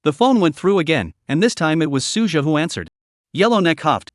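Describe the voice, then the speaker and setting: A man narrating a scripted story recap with a lively, expressive reading. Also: a little high, brisk, no room sound, studio quality.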